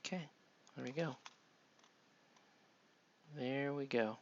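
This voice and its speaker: A man's voice: mid-range voice, slow pace, highs cut off, a little hiss or hum. A man chatting casually on a live stream while he paints, murmuring half to himself and talking to viewers between brushstrokes.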